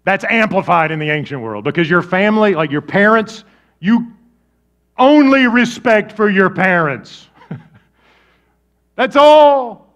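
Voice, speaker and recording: A man preaching a sermon, swinging from loud, animated storytelling to quiet, low emphasis. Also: slow, pauses often. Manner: lively preaching with big swings in volume. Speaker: pastor.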